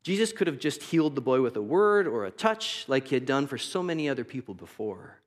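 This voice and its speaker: A man's voice: mid-range voice, big pitch swings, brisk. Earnest man giving a Bible teaching. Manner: earnest, reflective, conversational. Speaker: preacher.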